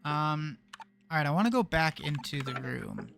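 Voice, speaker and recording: A man's voice: on the high side, expressive, normal speed, creaky, music in the background. A young man casually commenting while playing a puzzle game, thinking aloud and muttering to himself. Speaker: gaming video creator. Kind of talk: casual let's play commentary.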